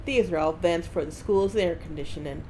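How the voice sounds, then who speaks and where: A woman's voice: fairly low pitch, big pitch swings, normal speed, gravelly, warm tone, a little hiss or hum, rough recording. A woman voicing a drifter woman who lives in a school, with a drunken, cartoonish Southern drawl and a laid-back, world-weary manner.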